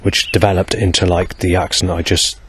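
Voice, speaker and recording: A man's voice: sits low, flat delivery, normal speed, a bit bright, a little hiss or hum. A man vlogging in a rambling, hesitant monologue, full of fillers and restarts.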